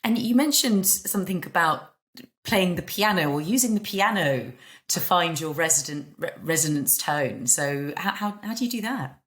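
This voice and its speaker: A woman interviewing a guest, speaking in a measured, conversational way. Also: lowish voice, animated, fairly bright tone. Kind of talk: interview questions.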